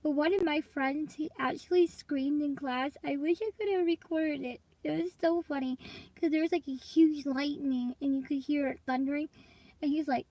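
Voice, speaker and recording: Chatty high-voiced young woman vlogger. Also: steady tone, normal speed, a little mellow, no echo, low-quality recording. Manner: rambling, chatty, addresses viewers as y'all. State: coughing, congested from allergies. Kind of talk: casual chat to camera.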